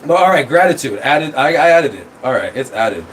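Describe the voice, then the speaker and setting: Male streamer, mid-pitched, rambling and profane, phone mic with a faint hum. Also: very animated, brisk, low-quality recording. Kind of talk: casual livestream chat.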